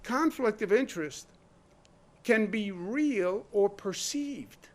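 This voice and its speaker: Delivering a governor's press briefing, this animated man speaks in a fairly high voice and hammers each point with emphasis. He leans on rhetorical questions and lets pointed pauses sink in.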